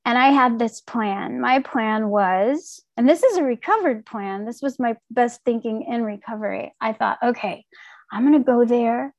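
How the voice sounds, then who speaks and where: A woman's voice: fairly high pitch, normal speed, hardly any pauses, dry recording, muffled recording. A woman telling a candid, wry personal recovery story, acting out her own inner voices. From Texas. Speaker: speaker sharing a recovery story. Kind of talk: personal testimony talk.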